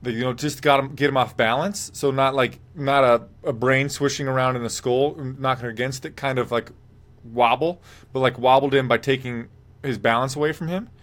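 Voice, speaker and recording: A man's voice: mid-range voice, fairly even intonation, normal speed, fairly bright tone. A man hosting a live MMA podcast, talking casually and rambling, reading viewer comments aloud and giving blunt picks. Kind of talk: casual live-stream fight talk.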